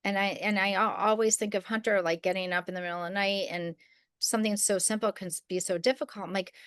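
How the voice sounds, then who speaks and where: A woman's voice: mid-range voice, fairly even intonation, fast, a bit bright, clean tone, no room sound, studio quality. A middle-aged woman co-hosting a podcast, telling a personal story in a rambling, casual way with restarts and quoted voices. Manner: rambling, with many restarts and fillers; acts out the people she quotes. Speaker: podcast co-host.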